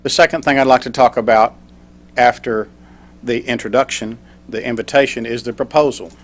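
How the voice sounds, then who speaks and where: A middle-aged man stands before a small club and tells a personal story in a prepared speech. His voice sits at an ordinary middle pitch, and he slows down for the lines he reads aloud. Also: fairly even intonation. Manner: storytelling, reads a poem slowly. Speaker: club speaker.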